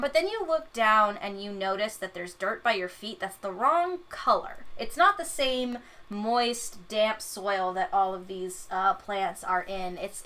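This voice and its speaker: A young woman runs a tabletop game as its game master, narrating in a relaxed, rambling way with lots of fillers. Her voice is bright and forceful, at a middling pitch.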